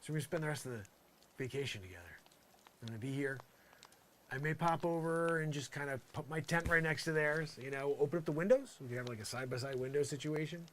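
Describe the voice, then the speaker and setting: A man's voice: on the high side, fast, a bit bright, a little hiss or hum. A man doing an improvised comedy monologue, rambling with exasperated sarcasm and lots of filler phrases. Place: campsite, pretend outdoors.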